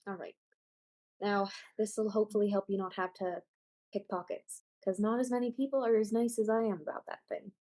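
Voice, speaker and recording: Brief: woman playing a cat-folk adventurer in a tabletop game, gentle and teasing, near her own voice. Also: medium pitch, fairly even intonation, normal speed, lightly acted. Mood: kindly.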